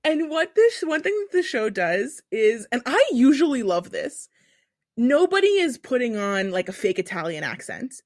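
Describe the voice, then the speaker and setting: A woman's voice: on the high side, very animated, moderate pace, dry recording. A woman co-hosting a podcast, telling a long story in casual chat with big swings in her voice and some swearing. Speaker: podcast co-host.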